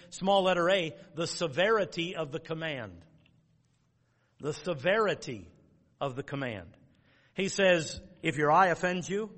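A man delivers a sermon in a plain, folksy manner, moving through lettered points and quoting old scripture. His voice sits a little high for a man. The sound carries a long reverb from the church hall. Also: a bit bright. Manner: folksy, outline-driven preaching with quoted scripture. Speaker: pastor.

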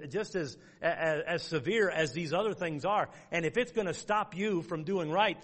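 A man delivers a sermon in a plain, folksy manner, moving through lettered points and quoting old scripture. His voice sits a little high for a man. The sound carries a long reverb from the church hall. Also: moderate pace, few pauses, fairly bright tone. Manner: folksy, outline-driven preaching with quoted scripture. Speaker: pastor.

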